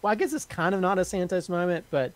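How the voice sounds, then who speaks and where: Halting, chuckling man reviewing a film. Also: high-pitched, expressive, no echo. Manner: halting, many restarts and fillers, laughs often. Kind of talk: casual panel film review.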